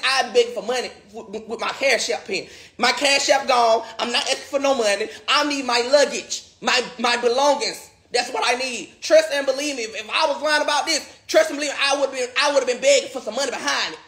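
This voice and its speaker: A man with a high, bright, edgy voice rants and begs his viewers to share his video. He swears freely and circles back to the same pleas again and again. The room around him rings with echo. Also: vocal fry. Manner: pleading, repetitive, swearing. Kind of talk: livestream rant. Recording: echoey room.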